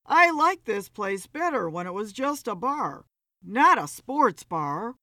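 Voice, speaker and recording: A woman reading a story, voicing a gruff male barfly with a croaky, sneering way of talking. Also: on the high side, sing-song, slow pace, no room sound, clean studio sound, exaggerated voice. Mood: surly. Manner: sneering, loud. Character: gruff surly male barfly, hard drinker.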